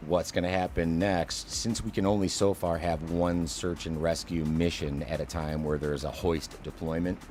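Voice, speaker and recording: A man's voice: sits low, flat delivery, moderate pace, hardly any pauses, a little mellow, slight background noise. A man hosting a flight simulator session, chatting with a co-pilot and explaining missions with enthusiasm. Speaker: flight sim channel host. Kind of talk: casual co-op flight sim chat.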